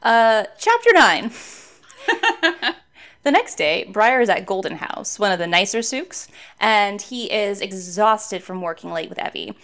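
A woman's voice: mid-range voice, sing-song, unhurried, fairly bright tone. Chatty woman podcaster who laughs a lot. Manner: laughs often, chatty and enthusiastic. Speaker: podcast co-host. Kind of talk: casual book recap chat.

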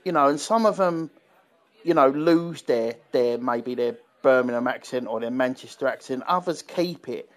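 A man's voice: medium pitch, normal speed. A man co-hosting a podcast in casual chat, rambling with many restarts and fillers. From England. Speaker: podcast co-host. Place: London.

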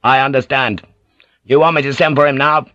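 A man voicing a gruff, hot-tempered samurai general who speaks bluntly and with urgency. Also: mid-range voice, fairly even intonation, fairly quick, bright, forceful tone, no room sound, lo-fi sound, pitched above the performer's own voice, natural voice.

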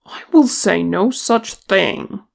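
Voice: medium pitch, sing-song, measured pace, vocal fry, full character voice. A reader voicing a blunt, grumbling male dwarf warrior in a fan fiction audiobook. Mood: indignant.

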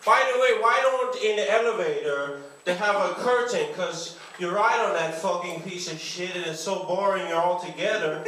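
A man's voice: high-pitched, moderate pace, hardly any pauses, fairly bright tone. A man performing a rambling, profane stand-up set on a comedy club stage, full of absurd observations. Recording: echoey live room, mic from a distance, faint hiss.

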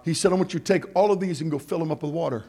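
A middle-aged man preaching a sermon in a church, mixing jokey conversational asides with shouted, rising calls to the congregation. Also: on the high side, racing, slightly rough. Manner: preaching with call-and-response, building to shouts. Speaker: pastor. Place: church sanctuary.

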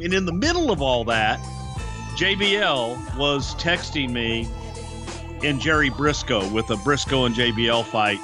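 A man's voice: medium pitch, lively intonation, moderate pace, music in the background. A man co-hosting a podcast, telling stories in a folksy, chuckling way. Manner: folksy, chuckling, colorful sayings. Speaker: podcast co-host. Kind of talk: casual storytelling chat.

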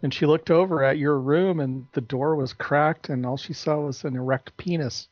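A man's voice: on the high side, fairly even intonation, moderate pace, a little mellow, no room sound. A man making prank calls, acting as a stern, bossy fake manager. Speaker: prank caller. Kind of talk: prank phone call banter. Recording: dry dull lo-fi tape.

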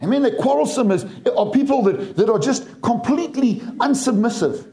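A man's voice: very high-pitched, lively intonation, moderate pace, dark tone. A man from England preaching a sermon, storytelling with humor to a church. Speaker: pastor.

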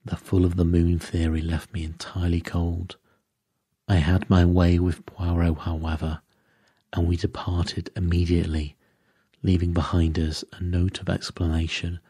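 A man narrating a bedtime sleep story in a calm, measured way. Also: low-pitched, breathy edge, no room sound, studio quality.

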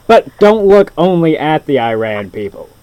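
A man's voice: a little high, big pitch swings, moderate pace, a little mellow, smooth, rough recording. A man hosting a podcast in casual chat, teasing and joking. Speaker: podcast host.

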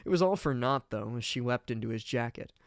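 Casting: male storybook narrator, steady, mid-pitched, dry close sound. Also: fairly quick, creaky, clean tone, dry recording. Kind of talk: reading fan fiction aloud.

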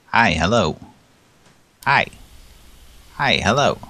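A man's voice: fairly low pitch, animated, takes it slowly, bright, forceful tone. A man co-hosting a casual comedy show, rambling and giggling through his jokes. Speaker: podcast co-host.

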